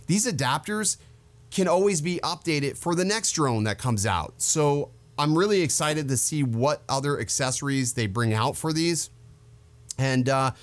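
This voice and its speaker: A man hosting a casual product review vlog, speaking candidly and conversationally with the odd digression. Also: medium pitch. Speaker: drone channel host.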